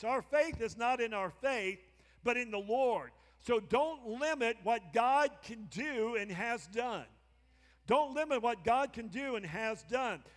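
A man's voice: extremely high pitch, a bit bright, in a large hall. A male pastor preaching a sermon, emphatic and repetitive, often prompting the congregation to answer. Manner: emphatic preaching with repeated call-and-response prompts. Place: church sanctuary.

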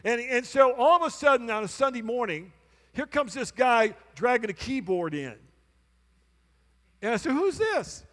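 A man's voice: very high-pitched, expressive, normal speed, pauses often, a bit bright, long reverb tail. A male pastor preaching a sermon, telling a story and acting out both sides of a conversation, calling out to the congregation. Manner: calls out to the congregation. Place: church sanctuary.

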